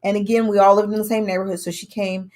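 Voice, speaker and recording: A woman's voice: mid-range voice, little pitch movement, fast talker, a little mellow. A young adult woman telling a personal story to camera in a candid, conversational way, acting out what others said. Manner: candid, conversational, with emphatic quoted dialogue. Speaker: vlogger telling her own story.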